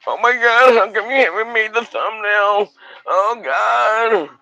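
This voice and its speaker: A high, whiny young man frets in a panic as a man mocks him with a put-on voice. The voice is drawn out and squeaky, and every line is pitched as a complaint. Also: takes it slowly, creaky, sharp tone, no room sound, muffled recording, heavily acted. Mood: panicking. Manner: high mocking whine.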